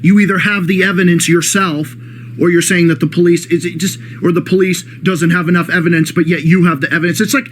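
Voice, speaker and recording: A man with a somewhat high voice rants with heated sarcasm and frequent swearing, picking apart a clip as the channel's host. A faint hiss of noise sits under his voice. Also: little pitch movement, brisk. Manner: sarcastic, profane, heated ranting. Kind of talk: reaction rant commentary.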